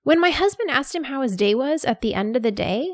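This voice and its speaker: A woman's voice: high voice, expressive, a little fast, no room sound, studio quality. A woman in her thirties hosting a podcast, talking candidly and casually with plenty of "like" fillers. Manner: candid and chatty, many "like" fillers. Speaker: podcast host.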